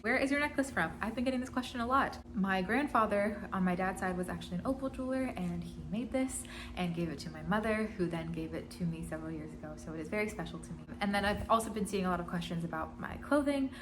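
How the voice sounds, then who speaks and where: A woman's voice: mid-range voice, fast talker. A young woman in her twenties, a singer and vlogger, answering fan questions in a giggly, chatty and playful way. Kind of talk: casual Q&A vlog.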